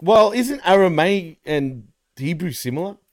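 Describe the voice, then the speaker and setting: Co-hosting a podcast, a Greek man keeps things loose and slangy, throwing in plenty of "bro" and "like" during the casual chat. His voice sits high and sounds animated yet unhurried, with studio quality and no room sound.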